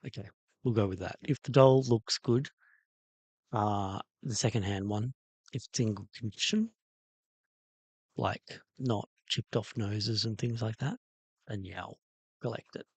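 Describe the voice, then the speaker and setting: Slow, gravelly-voiced man chatting. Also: fairly low pitch, no room sound. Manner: rambling, hesitant, lots of ums and uhs. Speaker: toy restoration livestream host. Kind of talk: casual livestream chat reacting to a video.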